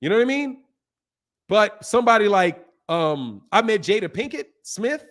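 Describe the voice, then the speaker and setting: Male boxing-channel host, high voice, loose slangy storyteller. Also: very animated, moderate pace, fairly bright tone. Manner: loose, storytelling, lots of "man" and "bro". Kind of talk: casual live-stream chat.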